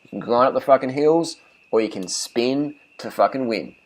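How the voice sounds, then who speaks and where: A man doing casual commentary over race footage, coaching viewers on riding technique. He talks bluntly, swears freely and hammers his points home by repeating them. His voice sits at an ordinary middle pitch. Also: normal speed, rough recording. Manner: blunt, profane, repeats phrases for emphasis. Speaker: cycling vlogger.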